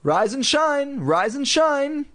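A man doing a shrill calling mother. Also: very animated, slow pace, exaggerated voice. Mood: cheery. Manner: sing-song, loud calling.

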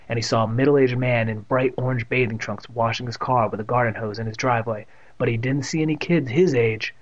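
Man reading a kids' book, lo-fi. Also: mid-range voice. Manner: adds snarky asides to the text. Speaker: reader. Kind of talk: reading a children's book aloud.

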